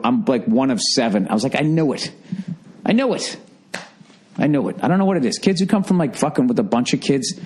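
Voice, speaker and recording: A man's voice: mid-range voice, darkish tone. Profane, ranting middle-aged man. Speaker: podcast host. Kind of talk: casual storytelling monologue.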